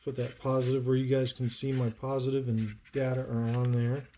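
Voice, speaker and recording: A man's voice: mid-range voice, flat delivery, fairly quick, mellow, a little hiss or hum. Chatty man soldering live. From North Carolina, US. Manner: chatty, narrates work while answering viewers. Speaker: livestream host, saber builder. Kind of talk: live soldering tutorial chat.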